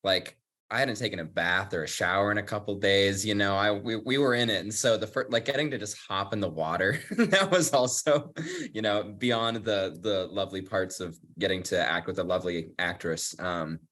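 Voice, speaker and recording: A man's voice: fairly low pitch, normal speed, fairly bright tone. A man, an actor, recalling a shoot in a laid-back way and laughing easily during a casual video-call Q&A.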